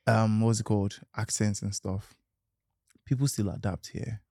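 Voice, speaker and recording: A man's voice: on the low side, little pitch movement, normal speed, gravelly, a little mellow, no room sound, studio quality. Laid-back young man. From Nigeria. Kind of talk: casual chat.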